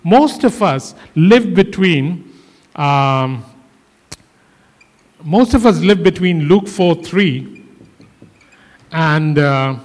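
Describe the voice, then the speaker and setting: A man's voice: on the high side, animated, extremely slow, long pauses. A male pastor preaching a sermon in earnest, often repeating his phrases for emphasis. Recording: hall reverb.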